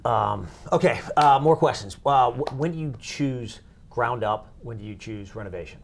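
A man interviewing a hotel executive, eager and full of quick interjections. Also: medium pitch, lively intonation, a little hiss or hum. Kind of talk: business interview.

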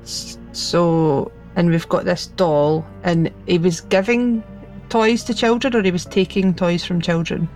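Lower-voiced woman recapping clues. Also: unhurried, a little mellow, faint music behind. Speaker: player. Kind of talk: casual tabletop game chat.

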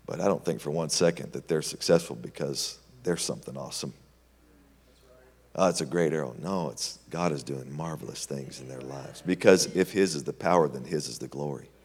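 Deep male preacher, sermon, animated delivery, long hall echo. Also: brisk, hardly any pauses, breathy edge. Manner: animated storytelling, swings between loud and hushed. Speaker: pastor.

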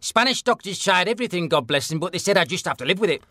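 An actor playing a blunt, deadpan middle-aged northern English ex-stalker, in a mock documentary interview. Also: male voice, sits high, fast talker, dry recording, studio quality. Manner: deadpan, blunt, plain-spoken.

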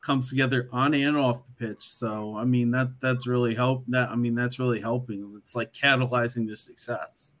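A man with a mid-pitched, slightly worn voice talks in a loose, rambling way. He keeps restarting his sentences and padding them with fillers. It is an easygoing podcast chat. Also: fairly even intonation, normal speed, a bit bright. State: losing his voice. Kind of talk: casual chat.

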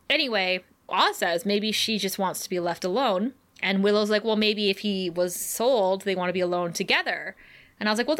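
A woman co-hosting a podcast, recapping a TV episode in casual chat, animated and laughing often as she acts out the characters' lines. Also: medium pitch. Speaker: podcast co-host.

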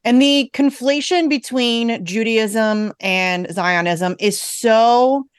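A woman's voice: on the high side, slow pace, clear, resonant tone, no room sound, clean studio sound. A woman hosting a political talk radio show, speaking emphatically and with strong opinions.

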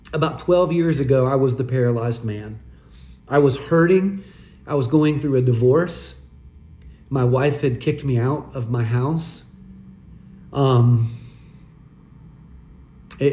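A man shares a recorded testimony in an earnest, confessional tone. He speaks slowly, his voice mellow and dark. The room around him is roomy and echoey. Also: a little high. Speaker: church member giving testimony.

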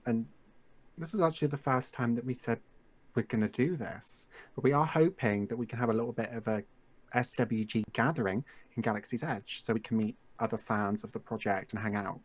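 A man from England with an English accent, chatting as a podcast guest about running a game server, easygoing and self-deprecating. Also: medium pitch. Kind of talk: casual podcast chat.

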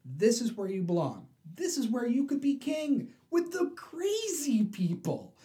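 A giggling, menacing villain, as a man puts him on while retelling a comic. The voice jumps far above his normal register and drops to a sly, breathy whisper. Underneath sits the same mellow tone. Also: very animated, a little slow, full character voice. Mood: coaxing. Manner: high, teasing, trailing into a whisper.

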